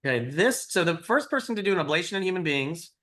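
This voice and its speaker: A man's voice: a little high, lively intonation, quick pace, sharp tone. A middle-aged man giving a conversational teaching lecture, explaining and quizzing his audience. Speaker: cardiology lecturer.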